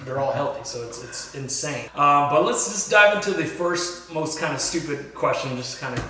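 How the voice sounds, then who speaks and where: A man hosting a casual chat, upbeat and energetic, recorded in a room with roomy echo, a bit away from the mic. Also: a little high, moderate pace, recorded from a distance, a little hiss or hum. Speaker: podcast host.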